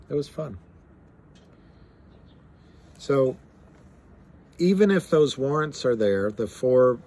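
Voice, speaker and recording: Guy streaming live, slow talker, lots of ums and restarts, faint room hum behind. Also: fairly low pitch, a little mellow. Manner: rambling, many fillers and restarts, reads numbers aloud. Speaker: livestream host talking stocks. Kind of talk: casual live-stream chat.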